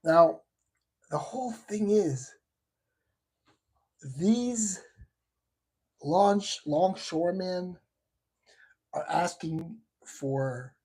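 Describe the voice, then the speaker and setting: A man's voice: high-pitched, drawn-out words, long pauses, dark tone, breathy edge. A man hosting a shaving livestream, chatting casually and rambling, with lots of restarts and asides. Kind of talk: casual live chat.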